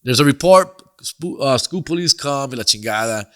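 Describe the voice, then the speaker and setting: With lively intonation and a moderate pace, a middle-aged man hosts a podcast as a comedian, telling a story in casual slang. He mixes in Spanish and drops "fool" and "dog" often, in a mid-range voice that's a bit bright.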